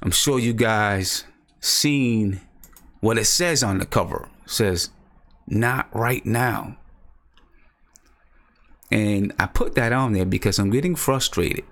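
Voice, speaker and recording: A young man hosting a casual fan live stream, talking excitedly, repeating himself and answering viewers in the chat. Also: on the low side, measured pace.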